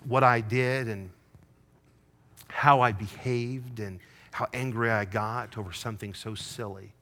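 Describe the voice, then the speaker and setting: A middle-aged man preaching a sermon, telling a personal story, moving from hushed confession to rising fervor. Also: medium pitch. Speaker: pastor.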